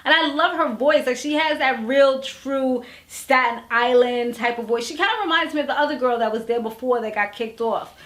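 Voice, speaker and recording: A woman vlogger giving a casual, gossipy recap of a TV episode, animated and full of slang, often acting out what people said. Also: sits high, moderate pace, hardly any pauses. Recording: echoey room.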